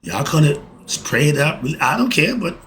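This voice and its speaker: A middle-aged host leads a relaxed spiritual talk, preaching excitedly and posing questions he then answers himself. He alternates between fired-up bursts and calmer passages. His voice sits on the high side, his delivery is a little slow, and there's slight background noise.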